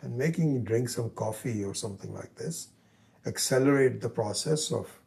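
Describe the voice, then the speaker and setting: Slow, gravelly-voiced man giving a spiritual talk. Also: mid-range voice, warm tone. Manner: slow, halting, acts out voices in the story. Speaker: Vedanta teacher. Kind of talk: spiritual lecture with storytelling.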